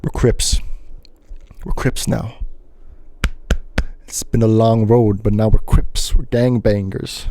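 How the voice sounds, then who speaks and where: Animated young man telling a story. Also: medium pitch, dry recording. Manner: rambling, animated storytelling with sudden loud yelps and sung bits. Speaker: host. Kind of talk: solo storytime podcast.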